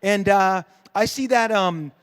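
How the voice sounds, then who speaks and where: On a convention panel, a middle-aged comic creator tells a story slowly in a high, clean voice. His casual, rambling delivery is full of fillers and restarts, and he acts out the people he quotes.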